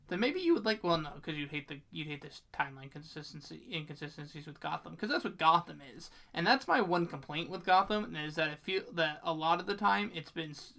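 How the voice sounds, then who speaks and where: A man chats casually on a podcast in a gravelly voice full of fry. He hesitates often and swears offhandedly. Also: a little high, sharp tone. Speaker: podcast co-host. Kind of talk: casual chat.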